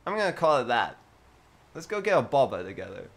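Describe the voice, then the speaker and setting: An Australian man hosts a relaxed livestream chat from his home streaming setup. He talks slowly, his pitch swings up and down freely, and he keeps giggling and teasing his viewers. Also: creaky. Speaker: livestream host.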